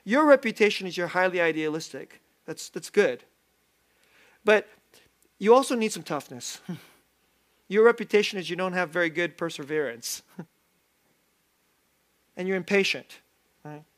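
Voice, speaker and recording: A man preaching a sermon as pastor, lively and self-deprecating, often laughing as he talks. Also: sits high, a little slow, pauses often. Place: church sanctuary.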